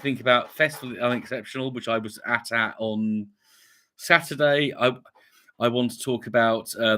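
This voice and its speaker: A man's voice: medium pitch, bright, forceful tone. Chatty man reading comments. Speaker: YouTube channel host. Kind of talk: casual live stream chat.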